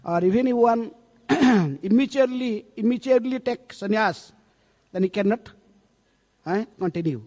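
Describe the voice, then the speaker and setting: A swami gives a storytelling scripture lecture in a temple hall, and the recording carries a long hall reverb. His voice sits high and warm at a moderate pace, and he's chatty, checking in with frequent rhetorical "eh?".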